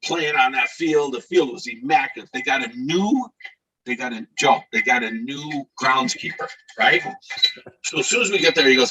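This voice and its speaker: A middle-aged man from Scranton tells his stories in a bright, edgy, slightly husky voice, throwing himself into the voices of the people he describes. He sits a little back from the mic, so he sounds a touch distant. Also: on the high side, a little fast. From Scranton, Pennsylvania, USA. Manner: animated storyteller who acts out shouted quotes. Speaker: guest, actor and DJ. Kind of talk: casual interview storytelling. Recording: voice a bit far from the mic.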